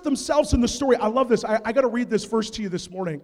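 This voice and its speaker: A man from Canada with a very high voice preaches and tells his story in a sanctuary, the sound ringing in a long hall reverb. He is an animated storyteller who drops into quiet asides and then bursts into shouts. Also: quick pace, few pauses. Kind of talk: sermon storytelling.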